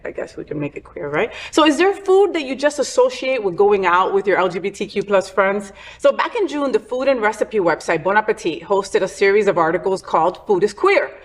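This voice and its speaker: A woman's voice: medium pitch, expressive, fairly quick, few pauses. A woman hosting a casual talk show, chatty, sassy and gossipy. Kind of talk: casual chat.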